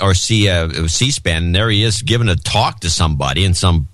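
A man's voice: deep voice, animated, a little fast, fairly bright tone, no room sound. A man co-hosting a podcast, giving wry, dry commentary in casual political banter. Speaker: podcast co-host.

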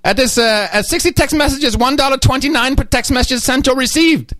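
A man's voice: very high-pitched, a little fast, sharp tone, dry recording, studio quality, voice pushed up. A man voicing a polite male phone-company agent with an Indian accent, in overly polite, upbeat sales patter. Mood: politely upbeat.

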